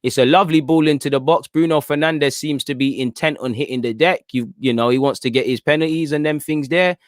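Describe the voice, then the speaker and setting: A man's voice: a little high, fairly quick, no echo, studio quality. A young man giving live, chatty fan commentary on a football match, pleading with players and the referee as play goes on. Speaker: host of a football watchalong stream.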